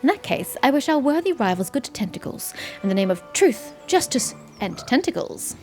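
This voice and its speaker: A woman's voice: high voice, sing-song, moderate pace, a little mellow, soft background music, voice pushed up. A woman voicing an earnest, stiffly formal male knight with courtly speech.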